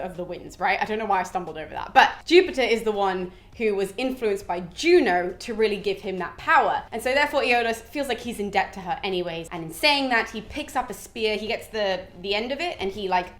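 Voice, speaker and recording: A woman casually retelling a classic epic in a chatty, animated way, full of asides. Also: medium pitch. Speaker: literature explainer.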